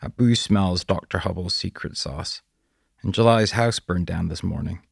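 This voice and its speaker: A man's voice: deep voice, moderate pace, vocal fry, breathy edge, no echo, full character voice. A man voicing a frazzled, defensive father, close to his own voice.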